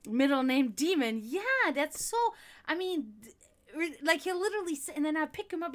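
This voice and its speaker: A woman hosting a tarot reading livestream, chatting casually with viewers, excitable, swearing freely and laughing often. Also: high voice, moderate pace.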